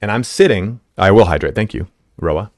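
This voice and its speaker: A man's voice: fairly low pitch, lively intonation, moderate pace, no room sound. A man streaming a game live, telling a rambling story full of fillers, swearing and laughs. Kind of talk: casual storytelling while gaming live.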